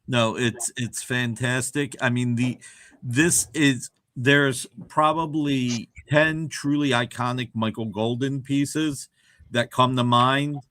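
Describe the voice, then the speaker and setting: A man's voice: mid-range voice, fairly even intonation, takes it slowly, sharp tone, dry recording. A man talking enthusiastically about comic art on a video call, often repeating himself as he thinks. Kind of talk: casual panel discussion.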